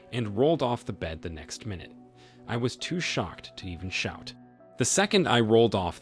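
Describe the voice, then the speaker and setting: A man narrating a first-person story and a short reaction, reading steadily without fillers. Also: on the low side. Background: faint background music.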